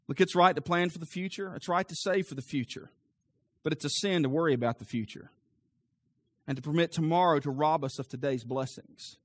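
A male pastor preaching a sermon with an emphatic, rising cadence, then leading a quieter prayer. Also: a little high, a little fast, no room sound.

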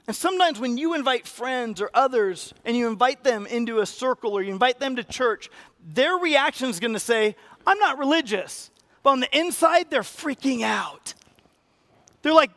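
A man preaching a sermon as pastor, animated and acting out quoted voices with sudden rises in pitch and loudness. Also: brisk.

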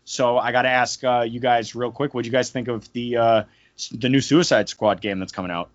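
On a casual podcast, the male host talks briskly with fairly even intonation in a mid-range voice, joking and slipping into hyped announcer bursts. The lo-fi audio is dull and dry, with no room sound.

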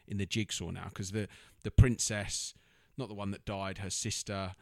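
A man co-hosting a casual film review, sarcastic and animated, swearing casually. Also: sits low, moderate pace, gravelly, dry recording. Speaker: podcast co-host.

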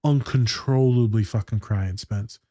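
A man's voice: lowish voice, a little slow, warm tone, no echo, studio quality. A man working as a therapist, talking casually and bluntly about a TV scene and telling stories, with plenty of swearing. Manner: blunt, profane, storytelling. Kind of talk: casual reaction chat.

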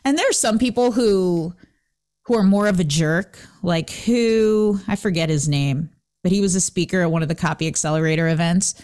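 A woman hosting a casual motivational talk, lively and laughing often as she acts out what people said. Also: on the low side, moderate pace. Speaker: host.

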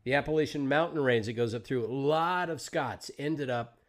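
A man raised in the American South, hosting a podcast stream. He talks in a relaxed, joking way, chatting with his guest and reading out viewers' comments. His pitch sits in an ordinary middle range for a man. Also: normal speed. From Southern United States. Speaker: podcast host. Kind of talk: casual interview chat.

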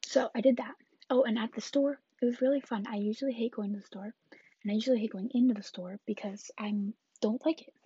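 A woman's voice: on the high side, fairly even intonation, quick pace, dark tone, husky, dry recording, muffled recording. An eighteen-year-old woman chatting through a rambling vlog story, often dropping into whispered asides. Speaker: vlogger.

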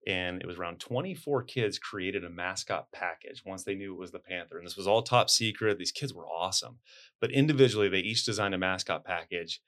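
A man, a high school principal, talking in a chatty, upbeat way with joking asides in a casual interview. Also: a little fast, fairly bright tone.

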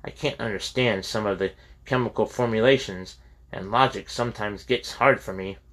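Guy reading as a quiet earnest college kid, polite, kinda low voice. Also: moderate pace, close to an everyday voice. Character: earnest, troubled young male college student.

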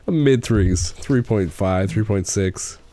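A man's voice: fairly low pitch, takes it slowly, warm tone, dry recording. A man co-hosting a film review podcast, talking casually and laughing often. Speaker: podcast co-host.

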